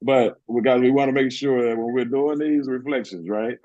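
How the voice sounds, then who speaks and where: A man leading a group video call, coaching the group in a brisk, directive and encouraging way. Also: medium pitch, fairly even intonation, mellow, no echo. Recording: dull lo-fi call audio.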